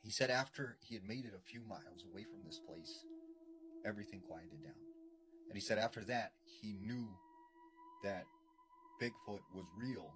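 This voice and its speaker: A man's voice: fairly low pitch, wildly swooping pitch, moderate pace, pauses often. A man casually retelling a true encounter story in a loose, conversational way, full of fillers. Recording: background noise clearly audible.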